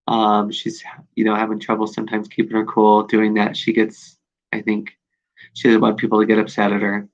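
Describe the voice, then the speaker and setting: A man recording a personal video journal, talking in a reflective, halting way with many pauses and fillers. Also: fairly low pitch, monotone, vocal fry. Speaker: video diarist. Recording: dull lo-fi recording.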